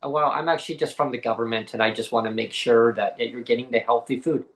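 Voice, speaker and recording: A man's voice: mid-range voice, steady tone, quick pace, roomy sound, natural voice. A man voicing a prying female government social worker who speaks in hesitant, evasive stops and starts. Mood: insistent.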